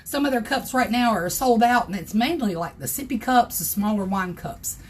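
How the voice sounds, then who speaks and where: Hoarse, high-voiced Southern woman, folksy. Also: expressive, normal speed. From South Carolina, USA. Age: older. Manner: chatty, folksy, greets viewers by name. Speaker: crafting livestream host. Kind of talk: casual livestream tutorial. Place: home craft room.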